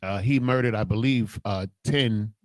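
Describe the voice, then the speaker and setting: A man's voice: on the low side, a little slow, no room sound. A man, a student in a class, answering a question hesitantly with fillers.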